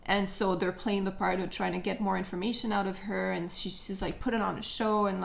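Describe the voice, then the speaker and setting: Gravelly-voiced woman chatting casually. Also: medium pitch, a little fast. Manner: chatty, joking, animated retelling. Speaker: beauty vlogger. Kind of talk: casual makeup chat and storytelling. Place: at home, living room.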